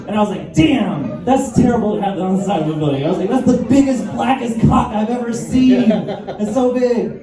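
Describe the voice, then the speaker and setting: A man's voice: high-pitched, mellow. A man doing a stand-up comedy set, telling crude stories in a laid-back, profane way. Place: live comedy venue with audience. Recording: echoey room, mic heard from far, crowd noise.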